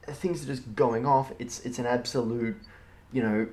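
A man, the game master, narrating a tabletop game in a relaxed, rambling way with lots of fillers. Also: mid-range voice, normal speed.

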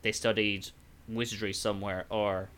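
A man's voice: fairly low pitch, level tone, moderate pace, fairly bright tone, clean tone. An Irish man talking casually about tabletop roleplaying, rambling with lots of fillers and restarts. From Ireland. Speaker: podcast guest, tabletop player. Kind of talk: casual chat.

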